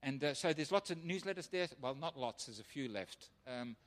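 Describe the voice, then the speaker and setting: A man preaching as a missionary pastor, telling his testimony as an animated storyteller who acts out the voices of others. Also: on the high side, normal speed. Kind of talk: sermon testimony. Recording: long hall reverb.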